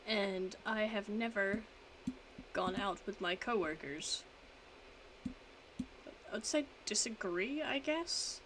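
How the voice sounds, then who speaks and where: A woman's voice: medium pitch, takes it slowly, pauses often, a bit bright, a little hiss or hum, low-quality recording. A young woman streaming from home, chatting casually as she reads quiz statements aloud and answers them in a rambling, self-mocking way.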